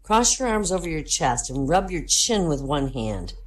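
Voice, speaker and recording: A woman voicing an older male priest who calmly coaches a nervous younger one. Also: deep voice, normal speed. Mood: coaching. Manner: patient, instructive.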